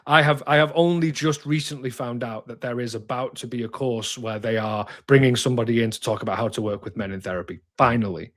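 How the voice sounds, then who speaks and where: A male therapist in his thirties talks candidly in an interview. He is direct and emphatic, restarts his sentences often, and swears now and then without softening it. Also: mid-range voice, fairly even intonation, fast, hardly any pauses.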